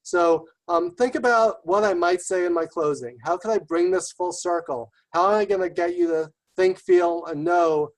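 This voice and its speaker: A man giving a webinar presentation, talking quickly and enthusiastically and checking in with "right?" often. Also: high voice, poor audio. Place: remote webinar.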